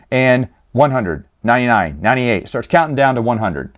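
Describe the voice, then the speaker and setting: A man talks through a casual review at a middle pitch. He rambles and loses his place, then throws in jokey, exasperated asides. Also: expressive, quick pace, hardly any pauses. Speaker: host reviewing stories.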